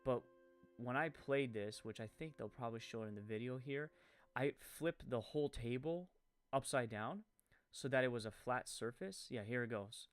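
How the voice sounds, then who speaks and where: A man's voice: mid-range voice, moderate pace, clean tone, soft background music. A man with a French-Canadian accent giving rambling live-stream commentary, full of fillers, who corrects his own stumbles.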